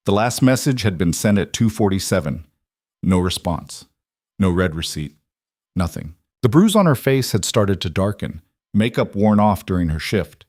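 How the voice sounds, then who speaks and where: A man with a low voice reads a dark story in a measured, steady way. The sound is dry and close, with nothing of the room in it. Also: dry recording. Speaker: narrator. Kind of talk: scripted story narration.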